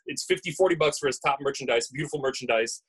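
A man's voice: mid-range voice, fast talker, fairly bright tone, slightly rough, poor audio. A man co-hosting a podcast in casual chat, playful and teasing, often stammering over restarts. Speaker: podcast co-host.

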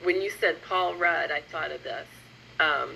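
A woman co-hosting a casual chat, laughing along and chiming in with quick agreement. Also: deep voice, gravelly, bright, forceful tone, a little hiss or hum, poor audio. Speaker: podcast co-host.

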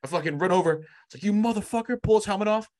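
A man's voice: high-pitched, very fast, a little mellow. A young man telling a brash, profane story in casual podcast chat. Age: young adult.

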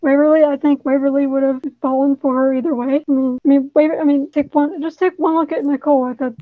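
A woman's voice: high voice, level tone, fast talker, no room sound. A woman guest on a casual fan podcast, hesitant and stammering with many restarts. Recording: tinny phone-like line.

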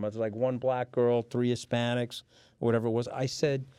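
A middle-aged New York guest on a casual podcast tells his stories bluntly and swears without restraint. His mid-range voice is dark yet clean, with fairly even intonation and a fairly quick pace, recorded in clean studio sound with no echo.

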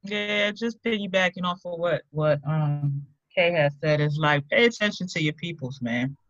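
A woman's voice: low-pitched, normal speed, fairly bright tone, no room sound. A woman co-hosting a podcast, talking bluntly and emphatically in casual slang. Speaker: podcast co-host. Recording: slightly dull lo-fi sound.

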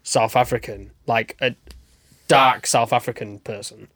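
A man's voice: medium pitch, fairly even intonation, measured pace, fairly bright tone, no echo. Man with a dry, close voice. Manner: rambling, swearing, laughing storyteller. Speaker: podcast co-host. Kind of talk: casual chat.

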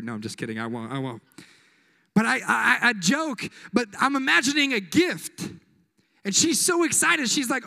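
A man's voice: very high-pitched, sing-song, moderate pace, creaky, pushed and bright. A young man preaching a casual, joking sermon as youth pastor, full of slang and asides. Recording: echoey hall.

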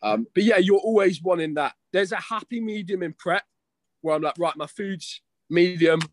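A man's voice: sits high, a little fast, slight background noise. A young man chatting casually as a guest, rambling, swearing and calling everyone mate and bro. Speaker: guest, competing bodybuilder. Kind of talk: casual chat.

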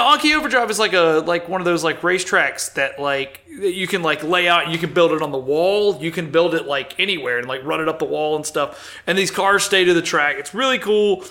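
A man hosting a loose podcast chat, his voice bright and somewhat high. He rambles along, leaning on "like" and dropping casual swears as he runs the bracket. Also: animated, normal speed, gravelly. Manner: rambling, heavy with "like" fillers and swearing. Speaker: podcast host running a bracket.

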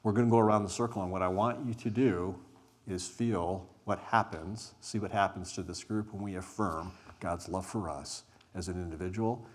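A man leading a group through a spoken exercise, talking deliberately and emphatically, with weighted pauses. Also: low-pitched, steady tone, husky. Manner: says he is an introvert. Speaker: group workshop leader.

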